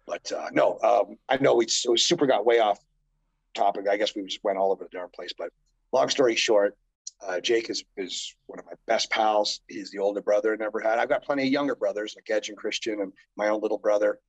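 A man's voice: lowish voice, fairly quick, husky, dry recording, muffled recording. A middle-aged man, a former pro wrestler, rambling through profane stories in a casual interview and acting out the voices of people he quotes.

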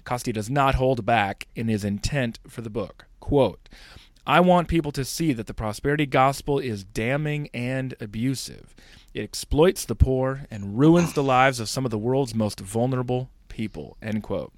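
A man's voice: mid-range voice, normal speed, no echo, studio quality. A man hosting a podcast, reading a scripted introduction and asking questions. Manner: reads quotes formally. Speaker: podcast host.

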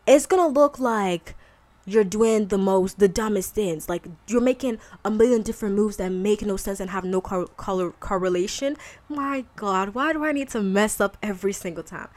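A woman speaks in a loose, candid way about faith, with many fillers. Her voice sits at a middle pitch. She sounds like a regular podcast host chatting. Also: moderate pace, darkish tone. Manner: candid, conversational, colloquial with frequent fillers. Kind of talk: casual faith talk.

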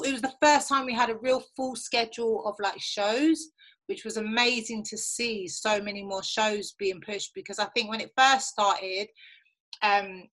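A woman's voice: on the high side, a bit bright, poor audio. Young woman radio producer, chatty and upbeat, says like and um a lot. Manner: chatty, upbeat, many fillers like "like" and "um". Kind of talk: casual interview answers.

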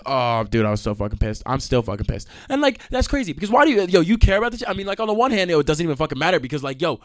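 A young man hosts a podcast and rants through it, swearing freely and breaking into sudden loud outbursts. His voice sits a bit high for a man and swings widely in pitch. The recording is close and dry, with no room sound. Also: fast talker, dry recording. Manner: profane, animated ranting with sudden loud outbursts. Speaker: podcast host. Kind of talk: ranting monologue.

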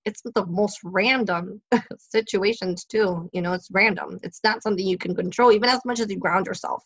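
A woman's voice: medium pitch, moderate pace, slightly rough, rough recording. A woman psychic in an interview, telling stories in a chatty way, laughing often and using many fillers. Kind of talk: casual interview storytelling.

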